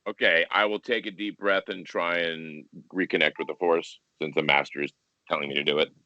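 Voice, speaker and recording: A man's voice: low-pitched, steady tone, brisk, bright, forceful tone, dry recording. A young man playing a tabletop game, talking casually and a bit hesitantly. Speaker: player. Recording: dry lo-fi home recording.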